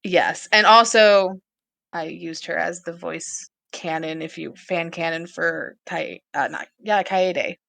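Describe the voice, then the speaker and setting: Bright-voiced woman podcast co-host, slow and chatty. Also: fairly low pitch, gravelly. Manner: chatty, laughs often, plans the schedule aloud. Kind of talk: casual chat.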